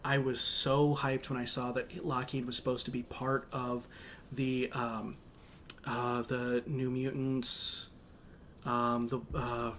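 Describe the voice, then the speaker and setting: A podcast co-host chats casually, rambling with lots of fillers and restarts. He speaks slowly in a completely flat, medium-pitched voice with a fairly bright tone, over slight background noise.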